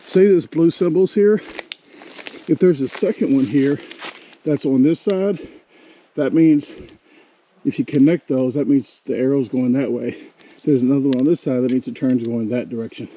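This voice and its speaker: A man talks into his handheld camera as he hikes, out of breath and rambling, often correcting himself in a folksy way. His voice is mellow and dark. A faint hiss of noise sits under it. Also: medium pitch, moderate pace, long pauses. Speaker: outdoor vlogger. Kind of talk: casual hiking vlog talk. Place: forest hiking trail outdoors.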